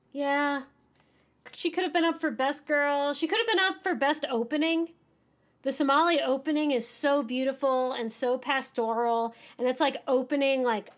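A woman co-hosting a podcast, chatting casually and ranting enthusiastically. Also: high voice. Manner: enthusiastic, ranting, fast-moving. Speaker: podcast co-host.

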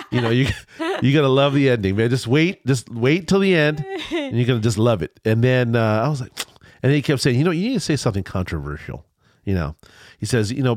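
A man's voice: mid-range voice, no room sound, studio quality. A man hosting a podcast in casual chat, sounding congested and nasal, rambling and restarting his sentences. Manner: rambling, repeats words, restarts often. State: congested, stuffy nose. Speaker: podcast host.

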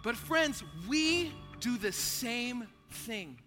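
Over music, a male pastor with a very high voice preaches extremely slowly. He talks to his listeners as friends in an animated, conversational way, acting out scenes from a story.

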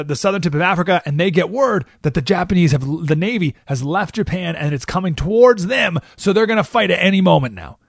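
A male talk radio host with a gravelly edge and a pitch that climbs and dips as he tells his stories. His voice sits fairly high, and the sound is close and dry. He keeps checking in with rhetorical questions. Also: no room sound. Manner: animated storytelling with frequent rhetorical "right?"; acts out quoted voices.

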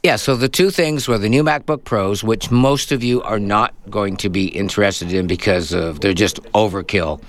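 A man's voice: on the low side, moderate pace, few pauses. A man hosting a radio tech show, explaining things in a casual, chatty way. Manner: chatty, explaining, repeats words when searching. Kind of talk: casual on-air chat.

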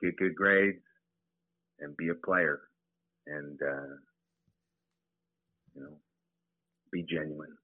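Halting deep-voiced coach on a phone line. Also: male voice, no echo. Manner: halting, repeats words, plainspoken. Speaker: high school football head coach. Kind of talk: casual interview. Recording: tinny phone line, dry.

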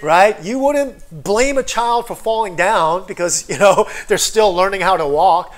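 An online sermon comes from a man whose voice sits high and whose pace is unhurried. This pastor, a foreigner living in Korea, preaches with lots of energy, calling for amens again and again and dramatizing people's inner voices.

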